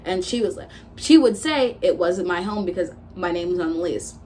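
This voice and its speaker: A woman's voice: on the low side, lively intonation, normal speed, a little mellow, a little hiss or hum. A woman in her twenties telling a storytime vlog, blunt and profane, retelling arguments with quoted back-and-forth. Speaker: vlogger. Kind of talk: casual storytime rant.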